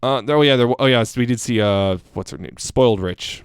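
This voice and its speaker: A man's voice: mid-range voice, a little fast, clear, resonant tone, no room sound, clean studio sound. A man co-hosting a podcast, chatting casually and rambling as he reviews a cartoon episode. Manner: rambling, many restarts and laughs. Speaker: podcast co-host.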